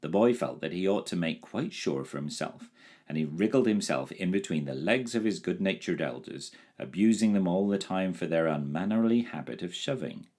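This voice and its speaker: A man reading a classic children's storybook aloud in an expressive storytelling manner. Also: deep voice, moderate pace. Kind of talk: storybook read-aloud narration.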